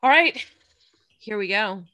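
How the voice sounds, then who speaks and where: A woman co-hosting a casual show podcast, talking with wry, deadpan complaints. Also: medium pitch, slow. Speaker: podcast co-host and editor. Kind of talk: casual chat. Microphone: home mic with audio problems.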